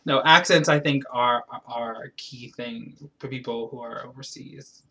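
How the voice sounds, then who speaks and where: A man's voice: mid-range voice, unhurried, sharp tone. A man chatting casually as co-host, gossipy, swearing freely and laughing often. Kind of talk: casual chat.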